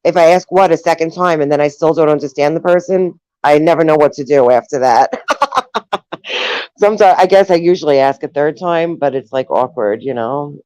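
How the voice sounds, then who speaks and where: A woman's voice: deep voice, normal speed, darkish tone, dry recording, poor audio. A woman with a New York accent hosting a casual chat, talking loosely with lots of fillers and frequent laughs. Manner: chatty, laughs often, trails off with fillers. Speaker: host.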